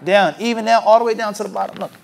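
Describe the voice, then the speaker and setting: High-voiced man teaching a religious class. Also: very fast, creaky. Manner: rhetorical questions asked to the audience; animated, emphatic. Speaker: Islamic teacher.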